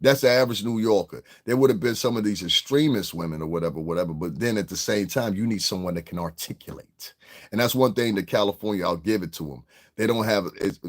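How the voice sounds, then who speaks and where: A man's voice: lowish voice, fast. A man doing casual live-stream commentary in a rambling, profane, streetwise way. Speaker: livestream commentator.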